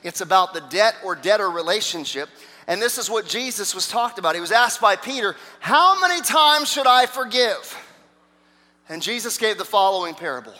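A man, a pastor, preaching a sermon with emphatic repeated phrases, swinging from loud to hushed. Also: sits high, fast. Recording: long hall reverb.

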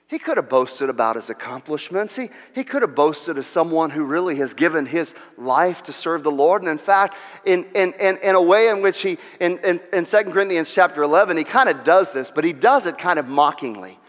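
A man's voice: on the high side, lively intonation, fairly quick, few pauses. A man preaching a sermon with a dramatic delivery, his voice climbing and swelling as he voices the boasts of the proud. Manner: dramatic, rising to near-shouting when voicing boasts. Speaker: pastor. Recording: long hall reverb.

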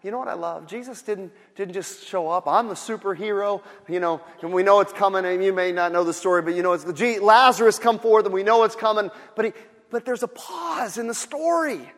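A man's voice: high voice, fairly quick. A male pastor giving a sermon with emphatic, repetitive preaching. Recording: long hall reverb.

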